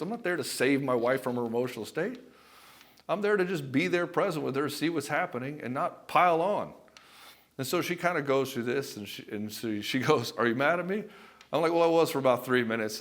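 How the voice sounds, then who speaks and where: A man with a mid-range voice speaks as a relationship coach, blunt and emphatic. He swears casually, tells stories from his own life, and calls the listener brother. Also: mid-range voice. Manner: addresses the viewer as brother; tells personal anecdotes. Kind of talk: direct-to-camera coaching talk.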